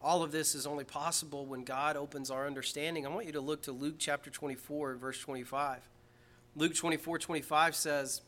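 A pastor preaching a sermon in church, swinging from quiet, slow, earnest passages up to loud emphatic peaks. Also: male voice, a little high.

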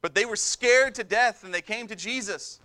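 A man's voice: high-pitched, moderate pace, pushed and bright. A male pastor preaching a sermon in an emphatic way, repeating words for stress.

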